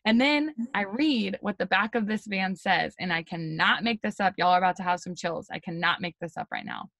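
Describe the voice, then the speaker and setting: A woman on a video call giving an energetic, chatty pep talk to her team, full of "like" and "you guys". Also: medium pitch, moderate pace, creaky, dry recording.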